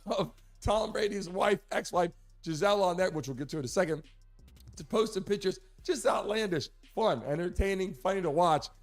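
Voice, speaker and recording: A man hosting a sports and celebrity talk show, chatting casually and laughing often as he talks a producer through photos. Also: high-pitched.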